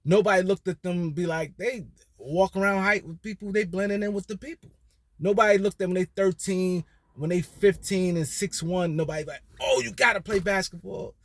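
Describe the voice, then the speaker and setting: A man's voice: high-pitched, brisk. A man hosting his own basketball commentary, talking casually and animatedly with slang and frequent restarts. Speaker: sports commentary host. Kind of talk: casual basketball opinion monologue.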